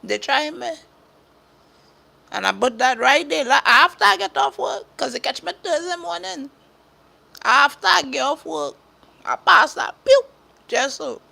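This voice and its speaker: A woman's voice: high voice, expressive, unhurried, creaky, long pauses, sharp tone. A woman from Trinidad with a Trinidadian accent, a caregiver talking bluntly and profanely on a casual livestream, repeating her points for emphasis.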